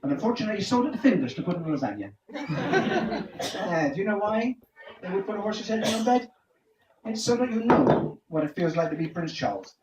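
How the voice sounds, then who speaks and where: A high-voiced man works through a stand-up set, his pitch leaping around as he fires off jokes and throws questions at the crowd. He is recorded from a distance in a live venue, so the sound is echoey with clear background noise. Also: big pitch swings, fairly quick, highs cut off. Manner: punchy joke-telling, quizzes the audience. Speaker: stand-up comedian.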